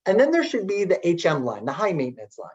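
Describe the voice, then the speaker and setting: A middle-aged man telling a story in a webinar talk as keynote speaker, chatty and animated with many filler words. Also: high voice, fast. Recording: dull lo-fi webinar audio.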